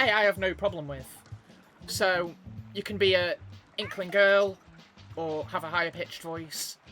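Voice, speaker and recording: A man's voice: sits high, sharp tone. A man giving casual let's-play commentary, chatty and hesitant, with lots of "um" and "like" fillers. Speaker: gameplay commentator. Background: game music.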